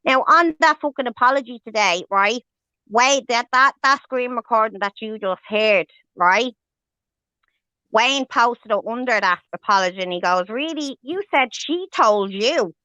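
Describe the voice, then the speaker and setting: A woman's slightly high, smooth, pushed and bright voice carries a furious, swear-heavy livestream rant at normal speed. There's no echo, and the stream audio is dull and lo-fi.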